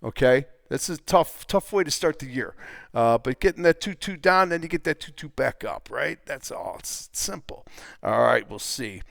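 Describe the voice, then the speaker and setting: A man's voice: mid-range voice, expressive, moderate pace, gravelly, dry recording, clean studio sound. A man casually talking through stock charts as a trading teacher, rambling, repeating himself and throwing in jokey asides.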